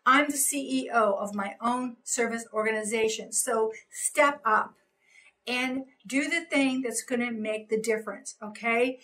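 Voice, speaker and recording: A woman's voice: a little high, moderate pace, few pauses, pushed and bright, low-quality recording. A middle-aged woman giving a recorded training talk, coaching with many fillers and restarts. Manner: coaching, gestures while explaining, many fillers.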